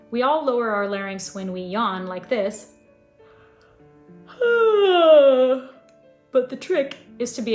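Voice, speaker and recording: A woman voice teacher giving a scripted singing lesson, explaining clearly and now and then demonstrating sounds. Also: medium pitch, echoey room. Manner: clear instructive delivery with sung demonstrations.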